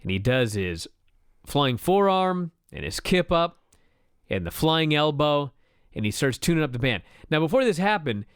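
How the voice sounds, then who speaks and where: A man co-hosting a wrestling review show, retelling a match with excited, profane storytelling. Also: on the high side, dry recording, studio quality. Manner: animated storyteller, swears freely, laughs while telling. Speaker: wrestling podcast co-host. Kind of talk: excited casual review chat.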